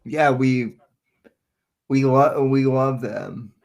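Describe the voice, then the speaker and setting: A man's voice: medium pitch, extremely slow, gravelly, a little mellow. A man co-hosting a podcast, chatting casually and often restarting his sentences. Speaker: podcast co-host.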